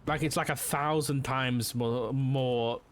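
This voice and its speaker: A man's voice: medium pitch, fairly even intonation, takes it slowly. Young male streamer, casual roleplay-cop chatter, loose and rambling, faint hiss under the voice. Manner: rambling, filler-heavy, with frequent "like". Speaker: streamer playing a police officer in a roleplay game.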